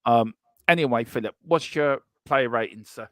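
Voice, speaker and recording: A man co-hosting a relaxed fan podcast, cracking jokes as he reads out listener comments. His voice sits in a middle pitch and sounds close and dry, with no room around it. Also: normal speed, no room sound. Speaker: podcast co-host. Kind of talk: casual fan podcast chat.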